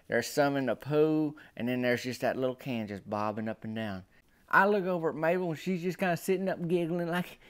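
A man telling a comic story in a folksy, animated drawl. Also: mid-range voice, clean tone. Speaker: storyteller and comedian.

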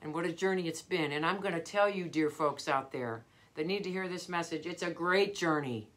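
A woman's voice: lowish voice, normal speed, a bit bright. A middle-aged woman vocal coach giving a live motivational talk, earnest and emphatic, repeating her key phrases.

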